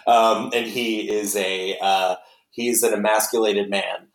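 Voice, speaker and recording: A man's voice: lowish voice, steady tone, slow, echoey room, low-quality recording. A man hosting a podcast, chatting casually and wryly about a movie with lots of fillers. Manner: chatty, wry, many fillers. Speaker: podcast host.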